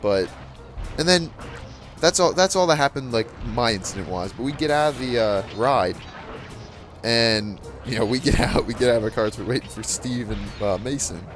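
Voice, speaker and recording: A gaming channel host tells a rambling story over gameplay, chuckling often and filling his speech with fillers. His voice is mid-range and animated at a moderate pace, with faint music in the background.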